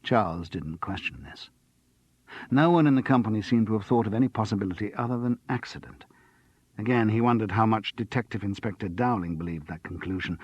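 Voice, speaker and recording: A man narrating an audiobook in a measured, wry manner. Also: on the low side, a little mellow, dry recording, muffled recording. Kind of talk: scripted narration.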